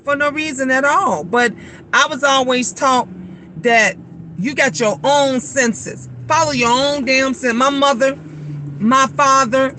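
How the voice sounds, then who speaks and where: Blunt, lively woman in her fifties. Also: high voice, a little slow, a little hiss or hum. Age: 50s. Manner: animated, frank and blunt, acts out quoted voices. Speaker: vlogger. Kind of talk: casual chat.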